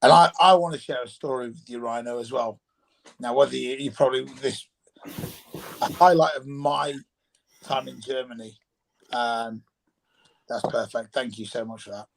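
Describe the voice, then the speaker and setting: A man with a noticeably gravelly voice hosts a live signing session. He reads out requests and chats in an easygoing, affirming way. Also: mid-range voice, moderate pace, pauses often, slight background noise, low-quality recording. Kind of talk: casual chat.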